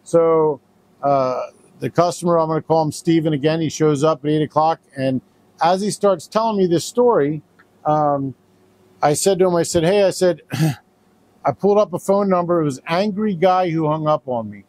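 With a fairly high, slightly mellow voice at normal speed, a business owner who runs a recycling company speaks directly to camera. He chats casually about the business and tells a story, using plenty of fillers.

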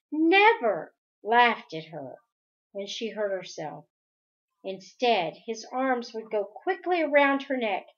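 A woman reading a novel aloud chapter by chapter, careful and expressive. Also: on the high side, dull audio. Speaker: audiobook reader.

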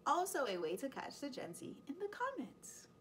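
A woman in her thirties, a high school teacher hosting a casual explainer vlog, chatty and playful, laughing often. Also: huge pitch swings, moderate pace, background noise.

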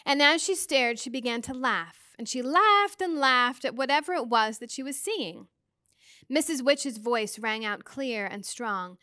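A woman teacher reading a novel aloud to students with expressive, measured storytelling. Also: fairly high pitch, dry recording, studio quality.

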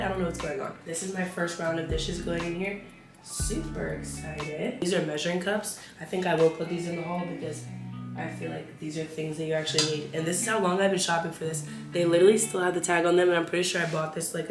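A woman's voice: sits low, roomy sound. A young woman in her twenties chatting casually to viewers while unpacking and tidying her new apartment. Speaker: vlogger. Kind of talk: casual vlog narration. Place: apartment kitchen, indoors.

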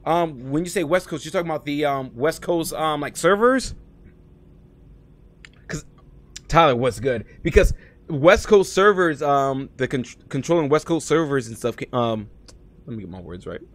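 Animated, slangy male streamer. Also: normal speed. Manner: swings between low muttering and loud excited outbursts; slangy and profane, talks to chat by name. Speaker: live streamer. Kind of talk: casual live-stream chat while gaming.

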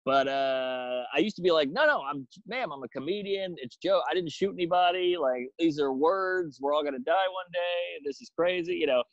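A stand-up comedian tells a story with a lot of energy. He jumps into squeaky, overdone voices for the people in it. His voice sits a little high for a man and sounds dry and close. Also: moderate pace, few pauses, no echo, lo-fi sound. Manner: animated storyteller acting out characters in exaggerated voices. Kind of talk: casual storytelling chat.

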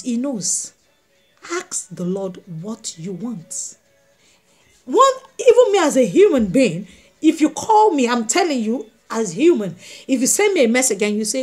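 Emphatic woman evangelist, raised pitch. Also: very animated, measured pace. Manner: emphatic, repeats phrases, addresses the congregation directly. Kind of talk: sermon.

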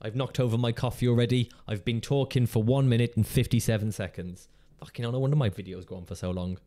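A man's voice: mid-range voice, steady tone, fast talker, mellow. A man hosting his own channel, chatting casually and rambling through jokes and playful swearing while reacting to videos. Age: adult parent of a teenager. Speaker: channel host.

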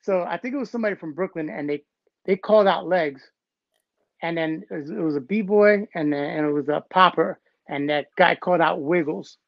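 A man guest recounting old stories in a casual, animated way, acting out what others said. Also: fairly high pitch, a little fast, gravelly, no room sound. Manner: animated, acts out quotes from others. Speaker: interview guest, b-boy. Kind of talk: casual storytelling. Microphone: phone or call audio. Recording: dull, dry call audio.

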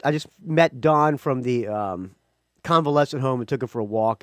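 Recorded cleanly in a studio with no room sound, a medium-pitched man talks through his music podcast solo. His delivery is rambling and chatty, marked by constant restarts, asides, and self-corrections.

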